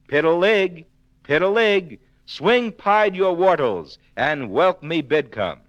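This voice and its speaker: Sly wolf sweet-talking way up high, man putting it on, dull old record. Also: animated, slow, no echo. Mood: wheedling. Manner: falsely sweet, wheedling. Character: sly smooth-talking male big bad wolf.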